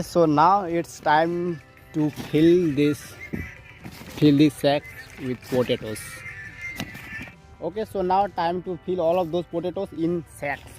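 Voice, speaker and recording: A young man with a slightly high, somewhat mellow voice vlogs outdoors from his farm fields. He narrates casually in simple, plain learner's English, keeps saying "as you can see," and is sometimes out of breath while he farms.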